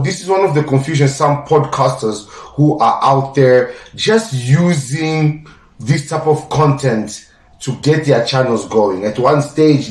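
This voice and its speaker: A man's voice: medium pitch, darkish tone. A young adult man hosting his own podcast, talking in an emphatic, lecturing way that repeats his points. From South Africa. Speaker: podcast host. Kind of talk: casual opinion podcast monologue. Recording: roomy sound from a distance.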